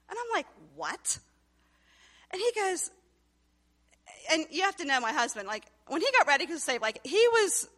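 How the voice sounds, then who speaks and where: A woman's voice: sits high, pushed and bright, big-room sound. A woman telling her personal faith testimony as a story, acting out the dialogue she quotes. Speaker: testimony speaker.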